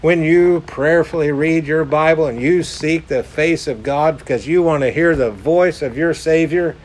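A male pastor preaching a sermon, slow and emphatic, rising into fervent exhortations. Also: on the high side.

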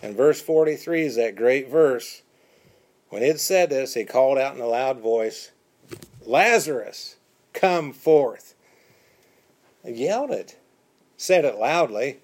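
A man preaching a sermon, switching between calm teaching and animated, dramatic quotes. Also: medium pitch. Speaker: pastor.

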